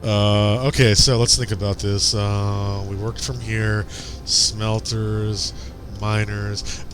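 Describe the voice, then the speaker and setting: A man's voice: lowish voice, flat delivery, slow, slight background noise. A man streaming a game, rambling and thinking aloud as he plays. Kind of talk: casual gameplay commentary.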